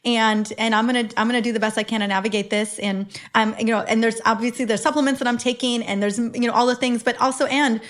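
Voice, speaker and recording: A woman's voice: a little high, fairly even intonation, fast, few pauses. A woman in her forties, a health expert talking as a podcast guest, earnest and reflective, often restarting her sentences. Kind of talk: casual conversation.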